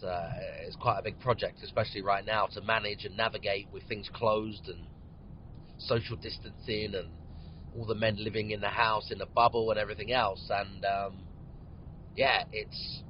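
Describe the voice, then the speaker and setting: A man hosting a podcast from his car, telling a story in a rambling way with many ums and frequent yawns. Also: on the low side. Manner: rambling, many ums, yawning between phrases. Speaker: podcast host. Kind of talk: casual storytelling monologue. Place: inside a parked or moving car. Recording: dull lo-fi car recording, faint road noise.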